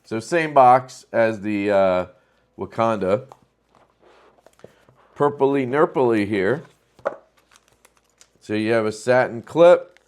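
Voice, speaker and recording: A man's voice: mid-range voice, clean tone. A man hosting a casual product showcase, talking loosely and enthusiastically with plenty of fillers. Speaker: knife channel host.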